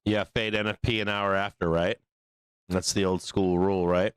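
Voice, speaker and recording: A man's voice: low-pitched, flat delivery, normal speed, clear, resonant tone, no echo. A man hosting a live stock market stream, talking casually and ranting with frustration, swearing freely and laughing often. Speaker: stock market show host.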